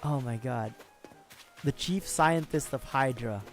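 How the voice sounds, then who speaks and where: A man's voice: medium pitch, slow pace. A man chatting casually through a gaming livestream, rambling and correcting himself, often chuckling. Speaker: streamer. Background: game music.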